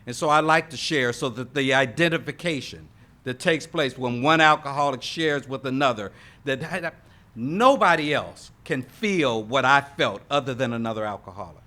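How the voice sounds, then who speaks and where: A man telling his recovery story at an AA meeting, talking to the room and building to loud emphatic moments. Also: medium pitch, normal speed. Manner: lively storyteller addressing the room with "y'all" and "right?"; emphatic, rising to loud punches. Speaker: AA meeting speaker. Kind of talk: recovery testimony to a live audience. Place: meeting hall with live audience.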